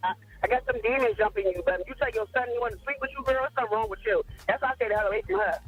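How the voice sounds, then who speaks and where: A woman's voice: on the high side, racing, husky, soft background music. A woman, calling in to a show and talking bluntly and with emphasis, repeating herself. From Philadelphia area. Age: 30s. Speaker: caller. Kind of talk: casual phone-in chat. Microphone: phone. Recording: tinny phone line.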